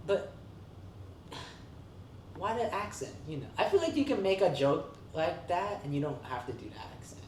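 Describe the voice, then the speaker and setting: A podcast co-host in casual chat, animated and quick to laugh, with lots of "like" fillers. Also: mid-range voice, a little hiss or hum. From Vietnamese heritage. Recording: roomy, distant mic with faint ambience.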